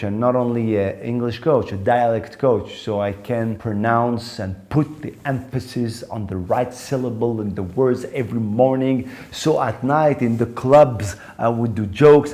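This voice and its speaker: A middle-aged man from Morocco, speaking English as a guest comedian in an interview and telling lively anecdotes. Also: fairly low pitch. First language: French. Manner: animated, acts out quoted voices. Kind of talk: interview storytelling.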